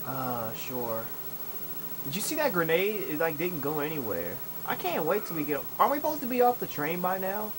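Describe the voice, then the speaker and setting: A young man casually commentating while he plays an online shooter, swearing and complaining with sudden excited outbursts. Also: a little high, normal speed. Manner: profane, frustrated, with excited outbursts. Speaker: gamer. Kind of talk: live commentary over gameplay. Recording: noisy capture over game audio. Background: game sounds.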